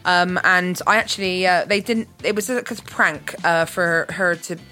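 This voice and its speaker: A woman's voice: on the low side, moderate pace, bright, forceful tone, soft background music. A woman comedian chatting as a radio guest, jokey and rambling with many fillers. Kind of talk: casual radio interview.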